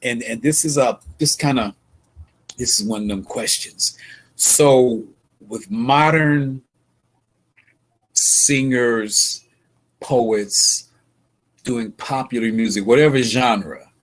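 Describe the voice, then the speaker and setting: A man's voice: medium pitch, takes it slowly, long pauses. A man hosting a casual livestream interview, folksy and full of sayings, often repeating his words as he talks. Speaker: livestream host.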